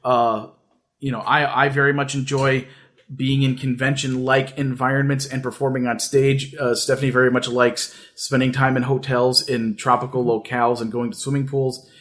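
A man's voice: medium pitch, level tone, normal speed, fairly bright tone. A man hosting a casual podcast, telling a story in a rambling, joking way with lots of fillers and restarts. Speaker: podcast host.

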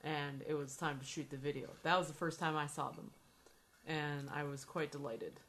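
A woman's voice: low voice, fairly even intonation, moderate pace, fairly bright tone, slight background noise. A woman hosting a podcast, telling a story in casual, playful chat and teasing her co-host. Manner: chatty, playful, swears and teases.

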